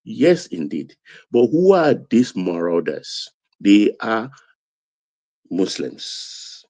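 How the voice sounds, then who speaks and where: A man's voice: lowish voice, sing-song, very slow, mellow, no echo. A man with a Nigerian accent giving emphatic political commentary, pressing his points with rising intensity. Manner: emphatic, building to raised intensity.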